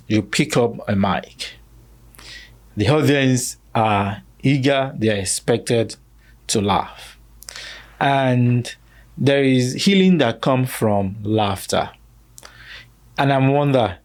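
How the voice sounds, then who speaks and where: A man hosting a podcast, asking slow, reflective questions in a casual interview. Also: medium pitch, a little mellow. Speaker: podcast host.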